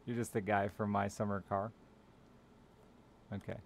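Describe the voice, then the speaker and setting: Low-voiced sardonic man streaming a game. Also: level tone, unhurried, creaky, a little hiss or hum. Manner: sardonic, swears freely, teases chat. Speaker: live streamer. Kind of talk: casual gaming stream chat.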